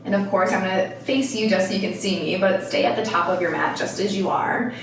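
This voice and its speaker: A woman instructor guiding a yoga class, calmly cueing breath and movement with casual, rambling asides. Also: mid-range voice, a little fast. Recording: echoey room, mic at a distance.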